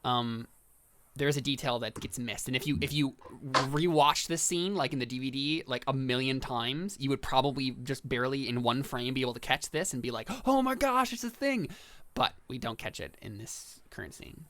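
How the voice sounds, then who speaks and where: A man's voice: mid-range voice, steady tone, normal speed, fairly bright tone, a little hiss or hum. A man narrating as game master for a tabletop role-playing game, casual and rambling with asides.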